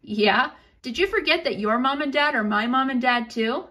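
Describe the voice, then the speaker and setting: A woman's voice: high-pitched, normal speed, pushed and bright. A woman voicing a grumpy but tender big-brother animal who talks in a dry, weary way.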